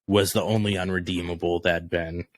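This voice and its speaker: A man co-hosting a casual movie review podcast, relaxed and agreeable, often chiming in with short replies. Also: low-pitched, brisk, dry recording, studio quality. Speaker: podcast co-host.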